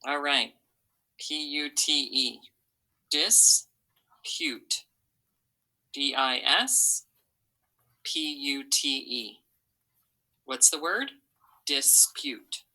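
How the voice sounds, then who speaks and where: Low-voiced teacher lady, bright and slow, sounds out words for little kids. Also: poor audio. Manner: slow, patient, syllable-by-syllable modeling. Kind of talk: recorded phonics lesson. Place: online video lesson.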